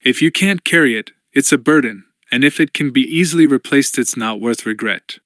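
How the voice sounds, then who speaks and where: A man's voice: mid-range voice, moderate pace, fairly bright tone, no room sound, close to an everyday voice. Composed wry woman, read by a man, dry booth audio. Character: composed resilient woman, a former agent.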